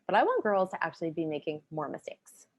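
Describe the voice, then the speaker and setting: A woman's voice: on the low side, big pitch swings, quick pace. A woman guest educator in a video-call interview, speaking earnestly and giving advice about raising girls. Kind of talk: conversational interview.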